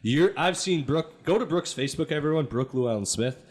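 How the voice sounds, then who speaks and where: Animated man in podcast banter. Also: a little high, fairly quick. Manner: laughs often, reactive. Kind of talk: casual comedic chat.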